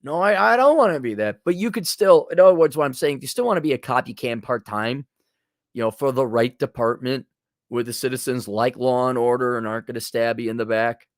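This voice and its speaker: A man's voice: medium pitch, steady tone, brisk, dry recording, clean studio sound. A man hosting an advice podcast, talking bluntly and sarcastically in a casual monologue. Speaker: podcast host giving advice.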